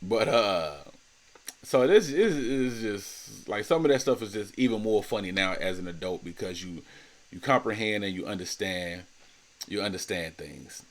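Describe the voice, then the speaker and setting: A man's voice: lowish voice, expressive, normal speed. A man in his thirties hosting a casual solo podcast, talking in a slangy, laid-back way, repeating words and laughing often. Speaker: podcast host.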